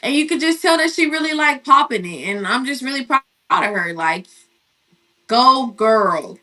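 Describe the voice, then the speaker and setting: A woman's voice: high voice, a little fast, pushed and bright, far from the mic. A woman co-hosting a casual sports and celebrity chat show, talking in a chatty, emphatic way and repeating phrases for effect. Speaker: co-host.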